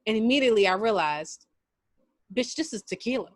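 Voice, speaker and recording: A woman co-hosts a casual podcast chat and tells her stories with big, animated energy. She breaks into shouts and laughter. Her voice is dry and close, with no room sound. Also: a little high, brisk, no echo. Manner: loud, animated storytelling with bursts of shouting and laughter. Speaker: podcast co-host.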